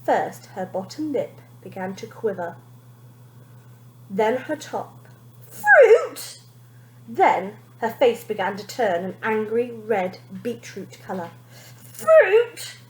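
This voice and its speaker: A woman's voice: takes it slowly, a little mellow, reverberant, lightly acted, poor audio. A woman voicing a spoiled eleven-year-old girl who screams and wails in tantrums. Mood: furious. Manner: shrill shrieking tantrum.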